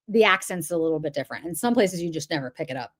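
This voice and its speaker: A woman's voice: low-pitched, animated, very fast. A middle-aged woman from the Boston area, chatting casually on a livestream and answering viewers' comments as she goes. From Boston area, New England. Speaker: livestream host.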